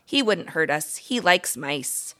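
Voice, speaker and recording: A woman's voice: fairly low pitch, slow. A woman voicing a curious, adventurous young male mouse who talks eagerly in a storybook reading. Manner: eager, excited.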